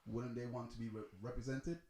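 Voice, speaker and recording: A man co-hosting a casual podcast chat, telling a story in a rambling way, full of restarts and fillers. His voice sits at an ordinary pitch. The room around him rings with a roomy echo. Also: flat delivery, brisk, dark tone. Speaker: podcast co-host.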